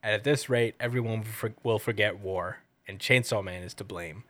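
A man with a fairly low voice co-hosts a casual podcast at normal speed, with no echo in the recording. He rambles through a chapter recap, acting out the characters' lines in a lively way.

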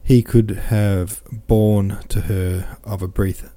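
Low-voiced man reading a novel aloud. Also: takes it slowly. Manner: relaxed, chatty asides. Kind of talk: casual commentary and audiobook reading.

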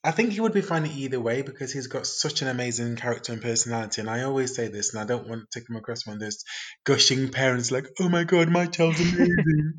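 A man, a single adoptive father chatting candidly in an interview with plenty of fillers. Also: medium pitch. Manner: chatty, warm storytelling with many fillers.

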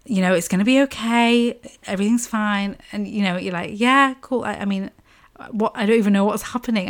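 A woman in her thirties telling a personal story as a podcast host, candid and casual, swearing now and then. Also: medium pitch. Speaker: podcast host and business coach.

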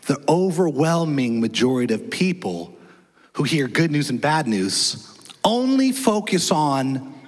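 An energetic male pastor preaches in a chatty way, throwing questions out to the congregation. His voice sits high for a man. The sound carries the long reverb of a church hall. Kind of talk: sermon. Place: church auditorium.

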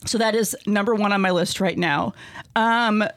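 A woman's voice: medium pitch, fairly even intonation, normal speed, dry recording. Chatty woman with a dry close sound. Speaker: guest. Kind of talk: casual chat.

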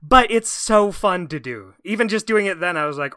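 Man, podcast co-host, high bright voice, eager reactions. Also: expressive, moderate pace, dry recording, clean studio sound. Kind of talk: casual gaming podcast chat.

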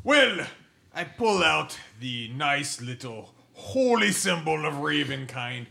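A man playing in a tabletop game, joking and talking in an animated way about his character's actions. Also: a little high, slow, gravelly. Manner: jokey, animated. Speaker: player. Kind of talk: casual tabletop play.

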